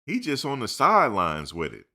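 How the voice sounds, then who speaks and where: A man's voice: mid-range voice, wildly swooping pitch, moderate pace, bright, forceful tone. A man hosting a live chat, talking loosely and animatedly, full of slang and "dude". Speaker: live stream host. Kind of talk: casual live chat commentary.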